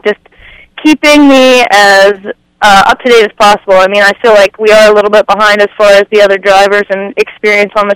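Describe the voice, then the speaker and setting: A young woman in her twenties from Canada, talking quickly and eagerly as a racing guest on a radio interview. Her voice is smooth and clear, and sits high. The sound is dry and close, with no room echo. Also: a bit bright. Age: 20s. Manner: eager, grateful, lots of filler words. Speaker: race car driver guest.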